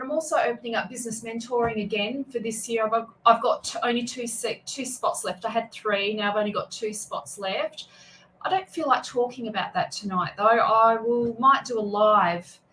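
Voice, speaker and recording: A woman's voice: a little high, moderate pace, fairly bright tone, a little hiss or hum, low-quality recording. A woman tarot reader and spiritual mentor chatting casually on a livestream, greeting viewers by name and often restarting her sentences.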